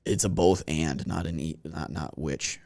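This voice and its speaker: A man's voice: very deep voice, a little slow, dry recording, studio quality. A man with a Minnesotan accent in casual podcast chat, telling stories and laughing often. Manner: animated storyteller, laughs often. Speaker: podcast guest.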